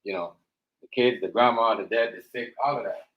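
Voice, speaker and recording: A man's voice: on the low side, fairly quick, roomy sound, highs cut off. A man hosting a casual reaction stream, rambling with many fillers and repeated words. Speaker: stream host.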